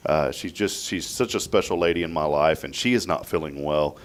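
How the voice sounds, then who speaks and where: A man's voice: extremely low pitch, a little fast. A man hosting a morning radio show, chatting in an upbeat, rambling way. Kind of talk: casual radio chat.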